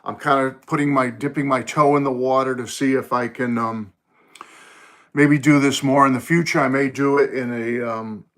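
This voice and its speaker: A middle-aged man with a bright, forward voice chats casually on a phone live stream from his music room. He rambles good-naturedly, greets viewers one by one and wonders aloud about his setup. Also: medium pitch, fairly even intonation, moderate pace.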